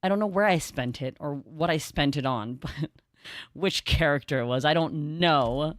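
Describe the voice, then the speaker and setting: A woman's voice: low voice, normal speed, dry recording. A woman streaming a game who chats casually with her viewers, reads the story aloud, often laughs and stumbles over hard game words. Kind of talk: casual livestream chat and story reading.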